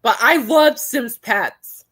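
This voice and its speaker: A woman's voice: on the high side, expressive, slow pace, a bit bright, husky. A young adult woman hosting a podcast in casual chat, rambling and laughing often. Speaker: podcast host.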